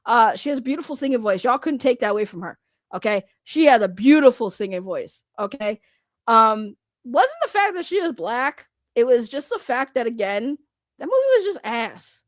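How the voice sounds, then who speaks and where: A woman from Boston ranting on a live stream, loud, blunt and sarcastic, laughing often. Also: fairly high pitch, sing-song, moderate pace, dry recording. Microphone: computer microphone.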